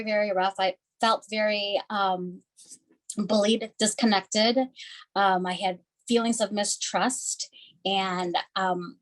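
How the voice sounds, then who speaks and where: Halting, tearful woman telling her story. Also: mid-range voice, poor audio. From Chicago area, USA. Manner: halting, many ums, tearful. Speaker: patient panelist. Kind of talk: emotional personal testimony. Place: video call.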